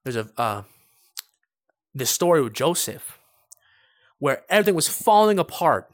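A man's voice: a little high, very animated, normal speed, pauses often, no room sound, clean studio sound. A man pastor preaching a sermon, building to emphatic, repetitive points. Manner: rising to emphatic preaching with repeated phrases.

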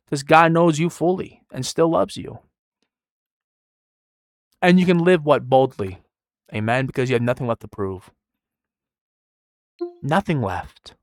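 A man in his twenties giving a relaxed, conversational sermon, often dropping quiet and tired, then rising to stress a point. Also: a little high, no echo, clean studio sound. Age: 20s. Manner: soft-spoken, conversational, trailing quiet between emphatic rises. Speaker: preacher.

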